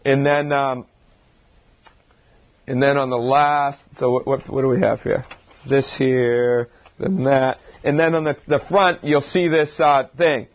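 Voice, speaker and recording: A man's voice: mid-range voice, fairly even intonation, unhurried. Man giving an informal health talk. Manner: talks through his points with frequent restarts and rhetorical questions. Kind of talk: informal lecture to a live audience.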